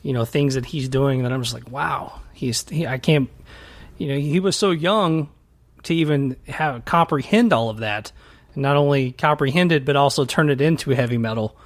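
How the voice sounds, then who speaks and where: A man hosting a casual interview, conversational and enthusiastic, filling pauses with "you know". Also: mid-range voice. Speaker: podcast host.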